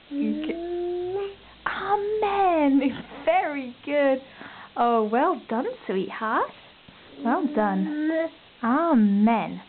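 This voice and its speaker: A woman's voice: high voice, very animated, slow pace. A woman filming her toddler at home, coaxing him in a sing-song voice and praising him over and over. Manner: sing-song, praising, doting baby talk. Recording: tinny lo-fi home video with faint hiss.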